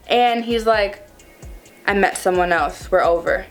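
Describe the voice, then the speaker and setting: A woman in her twenties tells a personal story straight to camera, animated and dramatic, talking to her viewers as y'all. Her voice sits in an ordinary middle range. Quiet music plays behind her. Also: medium pitch, measured pace, pauses often. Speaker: vlogger. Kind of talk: casual storytime chat.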